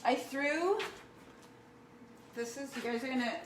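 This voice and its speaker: A woman's voice: sits high, measured pace, noisy background. Chatty woman cooking in an echoey kitchen. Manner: chatty, rambling, frequent "right?" and "like". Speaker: cooking vlogger. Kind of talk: casual chat while cooking. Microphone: camera mic.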